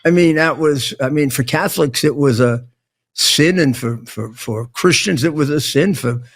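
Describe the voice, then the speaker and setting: An older man, his voice a little high, delivers a casual monologue. He speaks haltingly, restarting often and stammering over words.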